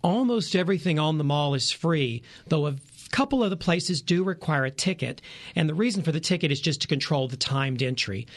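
Guy in his 40s with a gravelly voice, bit high, excited radio travel tips, lots of uhs. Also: brisk. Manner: enthusiastic, many fillers. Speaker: travel reporter. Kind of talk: radio interview.

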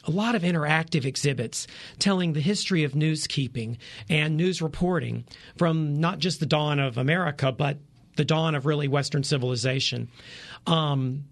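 A man in his forties, a travel reporter giving tips in a radio interview, eager and full of ums and uhs. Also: a little high. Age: 40s. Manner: enthusiastic, many fillers.

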